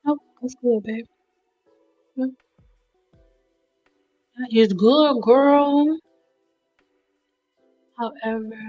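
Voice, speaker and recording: A young woman hosting a hair care live stream, chatting with viewers in a loud, playful way. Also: medium pitch, no room sound, dull audio. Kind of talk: casual live-stream chat.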